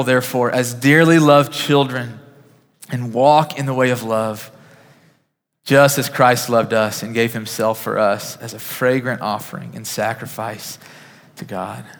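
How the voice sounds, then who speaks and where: A male pastor preaching to his church in an earnest, personal manner, calling out listeners by name. His mid-pitched voice swells to emphatic peaks and then falls quiet. The sound carries a long reverb from a large sanctuary. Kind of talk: sermon.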